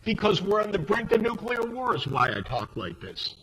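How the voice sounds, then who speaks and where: An older American man speaking emphatically and indignantly on a panel, his voice rising to sharp outbursts. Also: high-pitched, sing-song, normal speed, background noise. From United States. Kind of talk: impassioned panel speech. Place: forum hall.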